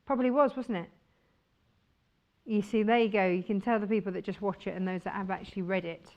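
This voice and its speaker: The recording is muffled as a woman with a mid-range voice briskly presents fabrics on a shopping channel. Her live sales pitch is chatty and enthusiastic.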